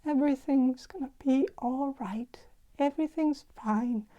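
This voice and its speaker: A woman putting on the soft, whispered voice of a gentle, reassuring older woman, in a whispered role-play. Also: high voice, rapid-fire, dull audio, natural voice. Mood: soothing.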